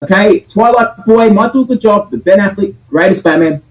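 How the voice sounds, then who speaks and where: A man's voice: high voice, a little fast, poor audio. A man with an Australian accent, talking in a casual livestream chat, emphatic, fired up and swearing often. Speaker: co-host reviewing a film.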